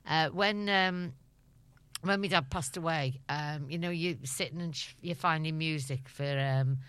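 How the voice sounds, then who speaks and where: Woman, Scouse accent, middle-aged, interview guest, chatty storyteller, deep voice, dry close sound. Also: unhurried, fairly bright tone, clear, resonant tone, no echo. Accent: Liverpool (Scouse). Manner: chatty storyteller, laughs often. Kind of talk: anecdotal interview chat.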